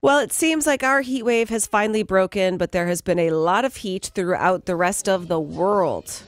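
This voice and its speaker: A woman's voice: medium pitch, moderate pace. Upbeat woman reading radio news. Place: radio studio. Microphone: studio mic.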